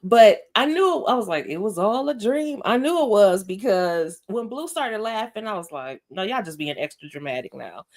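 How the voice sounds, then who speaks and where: A woman on a casual TV recap panel over a video call. She jokes her way through her takes and tells them in an animated way. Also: mid-range voice. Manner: joking, animated storyteller.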